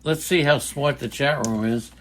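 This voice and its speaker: An older man with a high-pitched voice, co-hosting a casual fantasy baseball chat, teasing and rambling with fillers. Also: normal speed. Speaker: podcast co-host.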